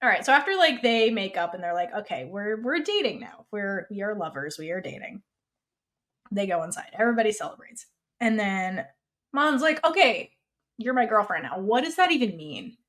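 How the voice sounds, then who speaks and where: A woman co-hosting a podcast in casual chat, animated, acting out characters' lines with sudden jumps in pitch. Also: normal speed. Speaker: podcast co-host.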